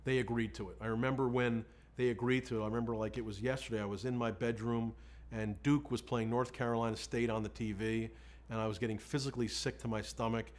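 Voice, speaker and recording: A man's voice: medium pitch, little pitch movement, fast talker. Male defense lawyer, candid storyteller, quotes conversations, wry and self-deprecating. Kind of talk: storytelling in an interview.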